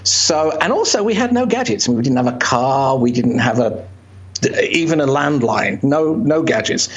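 A man's voice: medium pitch, normal speed, highs cut off. A middle-aged man from Birmingham with a British accent, Polish his first language, telling his story in a casual, self-deprecating interview. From Birmingham, England. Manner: self-deprecating, joking, animated. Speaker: interview guest, writer.

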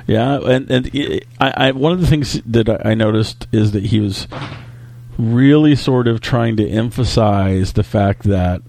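A man's voice: lowish voice, unhurried, vocal fry, a little mellow, no room sound. A man co-hosting a casual tech podcast, thinking aloud in an analytical way. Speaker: podcast co-host.

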